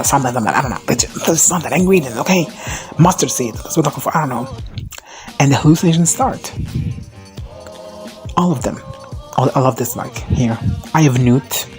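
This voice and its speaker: A man giving a casual, profane, rambling recap of a show, now and then jumping into high-pitched voices to quote characters. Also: normal speed, long pauses, faint music behind. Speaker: recap vlogger.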